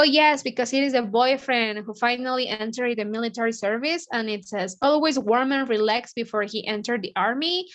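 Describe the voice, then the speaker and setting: Slow, halting woman teacher. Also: on the high side, a bit bright. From Mexico. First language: Spanish. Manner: explains words slowly, halting, many fillers. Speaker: English book club teacher. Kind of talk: casual vocabulary lesson.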